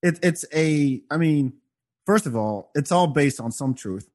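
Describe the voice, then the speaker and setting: A man's voice: on the high side, expressive, unhurried. A man hosting a podcast in casual chat, joking, swearing and laughing often. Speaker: podcast host.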